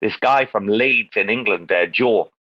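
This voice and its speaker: A man's voice: lowish voice, measured pace, dull audio. A man hosting a casual live audio chat, joking and swearing, calling guests darling. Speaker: host.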